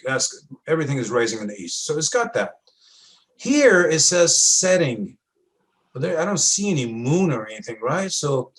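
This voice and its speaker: A man with a slightly high voice teaches a class, casually working step by step through moon and sun diagrams in a lab walkthrough and checking in with students often. The recording is rough.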